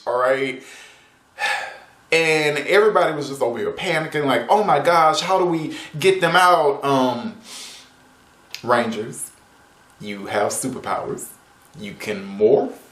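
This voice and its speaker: A man's voice: medium pitch, a bit bright. A man casually reviewing a TV episode, sarcastic and exasperated. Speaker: TV show reviewer. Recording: roomy echo.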